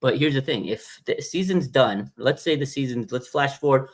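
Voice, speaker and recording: A man in his thirties runs a casual live fan stream. He rambles with animated, slangy banter, and his pitch sits in the middle range for a man. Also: moderate pace. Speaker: fan show livestream host.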